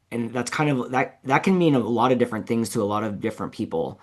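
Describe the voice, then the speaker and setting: A man's voice: medium pitch, quick pace. A man hosting an interview show in a casual chatty way, leaning heavily on "like" as he talks. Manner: casual, fills speech with "like". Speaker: show host.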